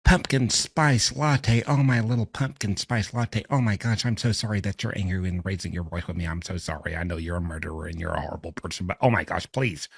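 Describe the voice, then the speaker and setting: A man's voice: sits low, a little fast, creaky, few pauses, slightly rough, no echo, studio quality, full character voice. A man putting on a simpering, spineless father who coos in mocking, syrupy baby talk. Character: simpering spineless father cooing to his daughter.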